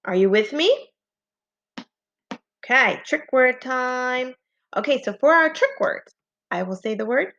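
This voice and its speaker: A woman's voice: a little high, vocal fry, fairly bright tone. A woman teaching a phonics lesson, patient and encouraging, spelling out letters one by one. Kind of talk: slow, clearly paced phonics lesson. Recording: slightly dull lo-fi home recording.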